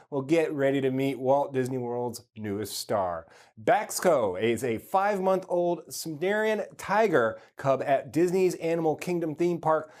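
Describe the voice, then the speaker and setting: Male host cracking corny jokes. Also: medium pitch. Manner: punny, deadpan asides. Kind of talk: news segment with corny jokes.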